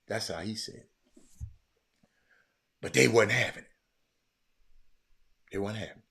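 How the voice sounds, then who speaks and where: A man hosting a casual sports commentary talk, telling a story animatedly and getting loud when he quotes others. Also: lowish voice, measured pace, gravelly, pauses often, slightly rough. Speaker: podcast host.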